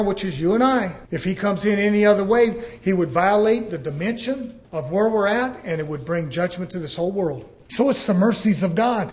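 A middle-aged man preaching a sermon as pastor, plain-spoken and folksy, firing off rhetorical questions at his congregation. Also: sits high.

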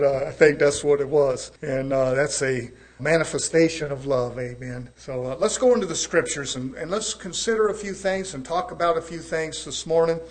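A man preaching a sermon in a folksy way, his volume rising and falling. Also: a little high.

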